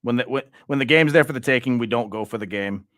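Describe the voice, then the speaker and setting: Speaking quickly in a medium-pitched, slightly bright voice, a young Louisiana fan-channel host unloads his frustration about his football team in a repetitive, exasperated monologue. The recording is dry and studio-clean.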